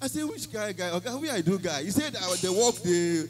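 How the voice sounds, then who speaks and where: A man's voice: high-pitched, animated, a little fast, rough recording. A man with a Nigerian accent giving an emphatic church testimony, slipping into Pidgin phrases as he tells his story.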